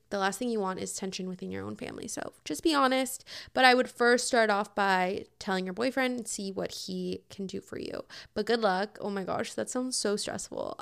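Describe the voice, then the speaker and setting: A woman's voice: on the high side, creaky, fairly bright tone. A young woman hosting a podcast, answering listener questions in a chatty, upbeat way, with lots of "like" and "oh my God.". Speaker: podcast host. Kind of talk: casual advice chat answering listener questions.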